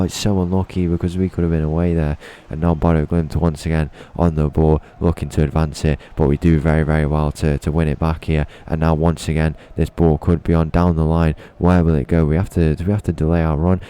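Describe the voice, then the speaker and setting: A man's voice: rumbling low, mellow, a little hiss or hum. A young man commentating his own football video game match, with rhetorical questions and frequent repeated words. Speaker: gaming YouTuber.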